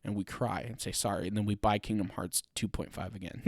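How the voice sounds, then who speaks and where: A man's voice: on the low side, no echo, studio quality. A young man hosting a solo podcast, ranting loosely and profanely with laughing asides. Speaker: podcast host.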